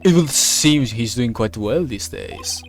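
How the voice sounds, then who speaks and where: A man's voice: medium pitch, expressive, takes it slowly, faint music behind, pitched below the performer's own voice. A man putting on a haughty demon-possessed mayor. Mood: imperious. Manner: grandiose, archaic, commanding. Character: pompous male crow-demon-possessed mayor.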